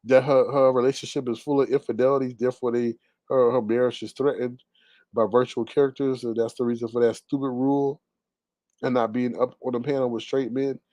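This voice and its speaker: A man's voice: medium pitch, flat delivery, fairly quick, warm tone, no echo. A young man, gossiping sassily in casual commentary with laughing asides. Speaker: commentary vlogger.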